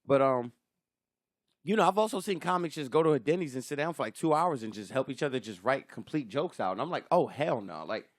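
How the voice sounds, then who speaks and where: A stand-up comedian from the Sacramento area of California talks briskly in an animated, mid-range voice. In a loose podcast chat full of swearing, he impersonates other comics.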